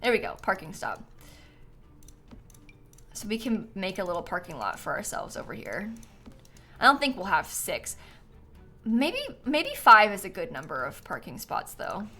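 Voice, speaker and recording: A woman's voice: mid-range voice, very animated, moderate pace, pauses often, bright, forceful tone, soft background music. A woman hosting a livestream, chatting casually and giggling while she plays a game and thanks viewers for donations. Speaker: livestream host. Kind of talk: casual chat while gaming.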